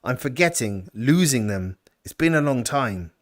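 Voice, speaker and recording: A man's voice: mid-range voice, expressive, a little slow, lightly acted. A man putting on a weary grieving frontier man. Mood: melancholy. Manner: folksy, rough put-on rural accent.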